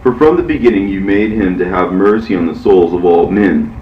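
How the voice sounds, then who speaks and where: A reverent archangel making soft, earnest requests, read by a man. The low voice is slow and solemn. It sounds dull and far from the mic, with faint background ambience. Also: a little hiss or hum, close to an everyday voice. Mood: pleading. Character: reverent archangel, gentle and pleading. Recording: echoey, muffled, from far off.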